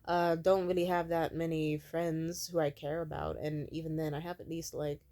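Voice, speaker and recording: A young woman in her twenties venting in a profane, sarcastic rant, sometimes mocking other people in a high voice. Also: little pitch movement, normal speed, mellow. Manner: profane, sarcastic, exasperated ranting. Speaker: vlogger. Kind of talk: ranting vent vlog.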